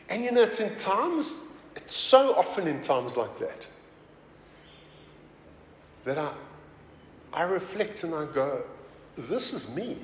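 A man preaching a sermon as pastor, talking in a conversational, animated way with many asides. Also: a little high. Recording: roomy hall reverb, faint ambience.

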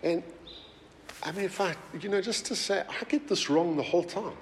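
A man preaching a sermon as pastor, talking in a conversational, animated way with many asides. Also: sits high, moderate pace, slight background noise. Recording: roomy hall reverb, faint ambience.

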